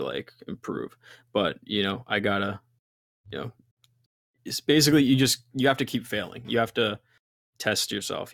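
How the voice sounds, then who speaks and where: Young man talking loosely, a bit low. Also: creaky, a bit bright, no echo, clean studio sound. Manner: rambling, heavy swearing, many fillers. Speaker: guest musician. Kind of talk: casual interview chat.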